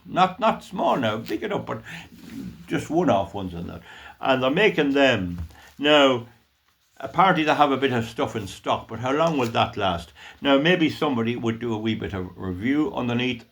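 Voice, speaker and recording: A man's voice: mid-range voice, fairly bright tone. A man with a west of Ireland accent giving a blunt, scornful solo commentary on news articles for his channel. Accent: Irish, west of Ireland. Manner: blunt, scornful rant, mock-emotional jeering. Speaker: YouTube commentator.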